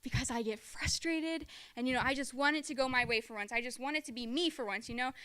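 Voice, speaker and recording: A woman's voice: high voice, fast talker, a bit bright, clean tone, no room sound. A young woman giving a church testimony about her time as a camp counselor, in a chatty storytelling style full of "like" and acted-out quotes. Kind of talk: personal testimony talk at church.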